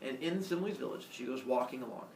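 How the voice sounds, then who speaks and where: A male teacher telling a story to a class in a playful, animated way, acting out the characters. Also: mid-range voice, quick pace. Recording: echoey classroom from far off, faint noise.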